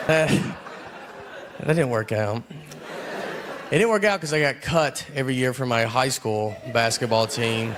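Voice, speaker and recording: A man from Tennessee with a Southern accent, doing a slow, deadpan stand-up routine. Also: medium pitch, background noise. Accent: Southern American. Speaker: stand-up comedian. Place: comedy club stage with laughing audience.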